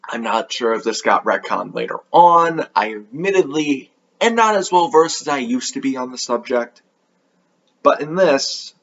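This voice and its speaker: A man's voice: medium pitch, fairly bright tone. Guy doing a casual anime review, sarcastic and rambly, average voice, kinda muffled lo-fi audio. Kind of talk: casual video review commentary.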